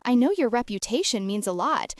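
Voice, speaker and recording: A woman's voice: on the high side, lively intonation, brisk, no room sound, clean studio sound. A woman voicing a scheming middle-aged businesswoman who puts on a sugary fake Southern accent and fake sincerity. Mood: syrupy. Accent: put-on Southern American. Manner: syrupy, fake-sincere, breathless.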